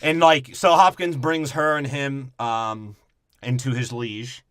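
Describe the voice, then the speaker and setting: Bright-voiced man riffing on a movie. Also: medium pitch, fairly even intonation, smooth. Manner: crude, joking, paraphrases scenes in quick mock voices. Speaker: podcast co-host. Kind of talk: casual movie-review chat.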